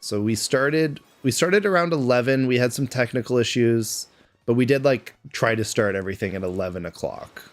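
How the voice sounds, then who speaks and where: A man with a Canadian accent chats casually on a live stream at medium pitch and a moderate pace. Between game moments, he answers viewers' chat questions out loud in a chatty way.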